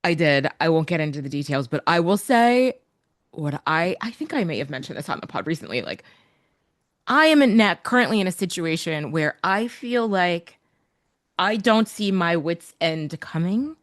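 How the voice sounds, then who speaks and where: A woman co-hosting a podcast in casual chat, wry and quick to laugh, swearing offhandedly. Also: on the low side, very animated, dry recording, studio quality. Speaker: podcast co-host.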